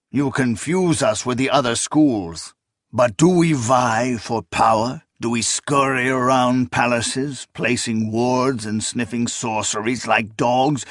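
A man's voice: mid-range voice, no echo, clean studio sound, pitched above the performer's own voice. A man voicing a cold, bitter old male sorcerer who snaps and sneers scornfully. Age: older.

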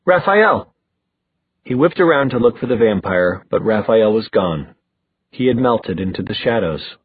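A low-voiced man with a husky tone reads an audiobook, steady and measured. The recording is tinny and phone-like, completely dry with no room sound. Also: dry recording. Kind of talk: scripted audiobook narration.

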